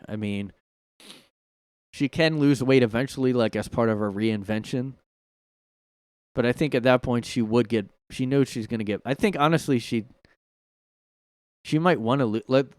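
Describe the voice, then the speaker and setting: A man's voice: mid-range voice, darkish tone, no echo. A man hosting a casual solo commentary podcast from his room, talking in a sarcastic, mocking way and laughing at his own jokes. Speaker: podcast host. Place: home room.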